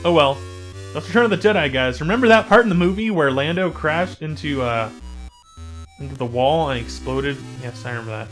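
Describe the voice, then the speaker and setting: A man hosting a gaming channel, chatting casually and rambling through gameplay commentary with sudden excited exclamations. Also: fairly high pitch, fairly quick, faint music behind.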